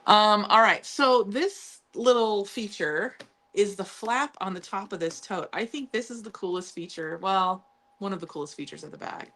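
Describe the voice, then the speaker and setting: A chatty, upbeat woman talks her viewers through a sewing project in a relaxed live stream. Her voice sits at a middle pitch, and she fills her talk with casual ums and playful little asides. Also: normal speed. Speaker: sewing channel host.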